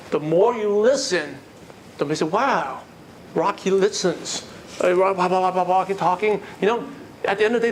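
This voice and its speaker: A man's voice: high-pitched, slight background noise. A man giving a live sales workshop, asking the audience questions and repeating their answers back. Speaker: sales trainer. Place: meeting room with a live audience.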